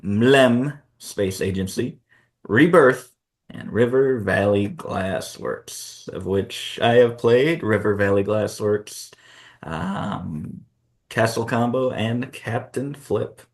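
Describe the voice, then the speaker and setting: A man's voice: on the low side, slow. A man co-hosting a board game channel, chatting casually about award nominees and thinking aloud with fillers.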